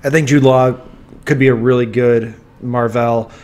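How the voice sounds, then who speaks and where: A man's voice: medium pitch, steady tone, normal speed, darkish tone. Rambling man with a dry cough. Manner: enthusiastic, rambling with restarts and fillers. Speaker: podcast co-host. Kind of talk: casual chat. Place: home room. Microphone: sensitive studio mic.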